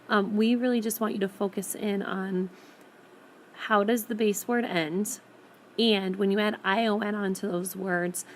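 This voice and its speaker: Woman teacher slowly sounding out words. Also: mid-range voice, slight background noise. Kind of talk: recorded phonics lesson. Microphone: tablet screencast microphone.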